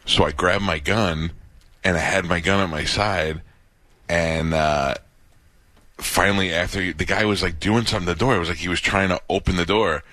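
A man hosting a radio talk show, telling stories in a casual, animated way. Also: deep voice, normal speed, dry recording. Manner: storytelling, animated quotes.

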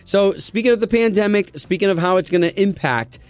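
A man's voice: sits high, fairly quick, soft background music. Chatty forty-year-old male radio co-host. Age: 40s. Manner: chatty, rambling with fillers. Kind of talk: morning radio banter.

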